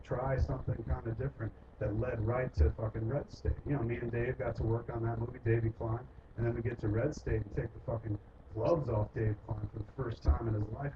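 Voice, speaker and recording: A man, a filmmaker, telling stories in casual, profane talk, swearing often and acting out the voices of people he quotes. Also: mid-range voice. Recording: distant muffled recording with loud noise.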